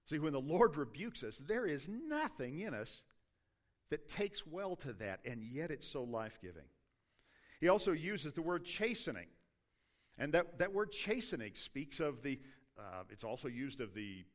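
A middle-aged man preaching a sermon from the pulpit. He talks in a conversational, self-deprecating way, breaking off and restarting his sentences as he goes. His voice sits at an ordinary, mid-range pitch. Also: a bit bright. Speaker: pastor.

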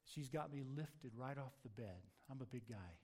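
A man telling a personal testimony in an earnest, halting way, dropping soft and low at times. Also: expressive, breathy edge. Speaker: testimony speaker.

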